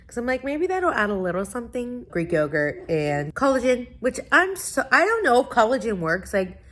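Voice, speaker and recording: A woman's voice: a little high, big pitch swings, moderate pace, fairly bright tone. A young woman, chatting casually in a book vlog, gushing and full of fillers. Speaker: book vlogger.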